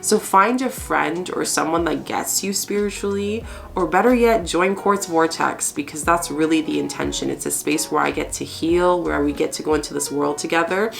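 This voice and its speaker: A woman's voice: low-pitched, creaky. A woman giving a chatty spiritual card reading, in her morning voice just after waking, laughing often. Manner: warm, laughing, chatty, mixes fast and slow stretches. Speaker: spiritual channel host, tarot reader.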